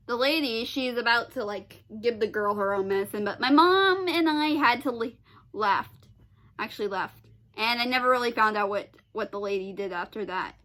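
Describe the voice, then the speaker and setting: A woman's voice: a little high, sharp tone. A woman vlogger telling a personal story in a casual, rambling way, full of restarts, sighs and exasperated "ugh"s.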